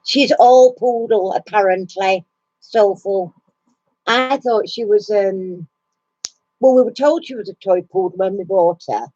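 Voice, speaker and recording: A husky-voiced woman talks slowly and easily from her recliner at home, hosting a relaxed live chat. She laughs often between remarks. The sound is dry and a bit dull, like lo-fi stream audio. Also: mid-range voice, no room sound. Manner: chatty, laughs often, coos baby talk to her dog.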